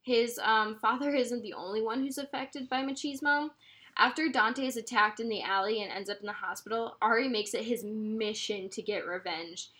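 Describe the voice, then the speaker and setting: A woman's voice: fairly high pitch, normal speed, bright, forceful tone. A young woman reading passages from a novel aloud and discussing them, stumbling over words as she goes. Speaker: podcast co-host reading aloud.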